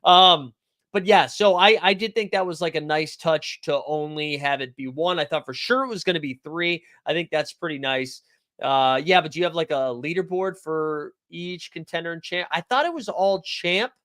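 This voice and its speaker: Hosting a fantasy basketball livestream, a man with a voice on the high side and a bit bright chats casually at a normal speed. He jokes loosely, reads viewer comments and greets people by name.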